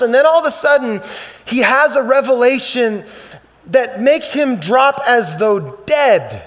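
A male pastor preaching a sermon, swinging from loud emphatic bursts to quiet, slow scripture reading. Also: very high voice, expressive.

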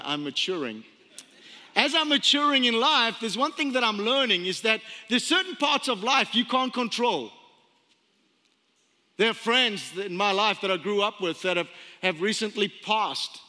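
A man in his thirties preaching a sermon as pastor, chatty and storytelling, repeating phrases and slowing down for emphasis. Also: high-pitched, sharp tone. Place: church sanctuary. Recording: long hall reverb.

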